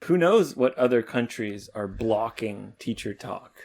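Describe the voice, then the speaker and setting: A man's voice: mid-range voice, animated, unhurried, a little mellow. A man co-hosting a teaching podcast, reading listener mail in wry, teasing banter. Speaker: podcast co-host, English teacher.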